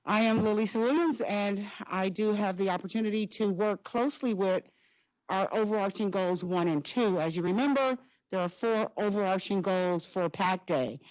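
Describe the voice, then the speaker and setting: Woman, coordinator, formal, orderly, clear, town hall. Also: mid-range voice, moderate pace, darkish tone. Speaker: diversity goals coordinator.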